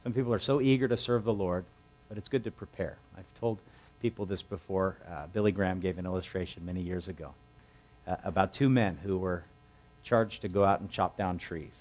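A man preaching a sermon, retelling a scripture story conversationally and acting out the characters' lines with lively raised voices. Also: deep voice, a little fast. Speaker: pastor.

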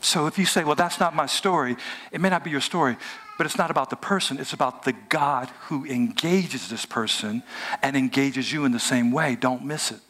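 A man preaching a sermon as pastor, in an animated, humorous, conversational way. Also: mid-range voice, a little fast.

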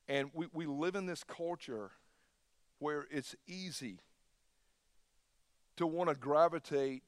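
A man preaching a sermon in an emphatic style, switching between loud bursts and quiet, hushed asides. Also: mid-range voice, clean tone, dry recording. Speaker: pastor.

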